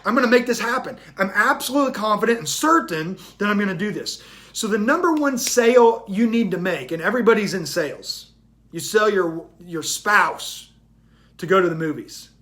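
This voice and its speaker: A man's voice: high-pitched, expressive, moderate pace, fairly bright tone. A man giving a motivational talk in an emphatic, repetitive style that builds in intensity. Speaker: motivational speaker.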